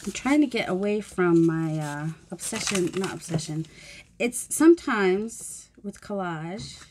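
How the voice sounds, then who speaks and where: A woman's voice: medium pitch, a little mellow, slight background noise. A woman chatting in a rambling, self-deprecating way while she works on a mixed media collage. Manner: rambling, musing aloud while working. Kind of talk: chatty crafting vlog.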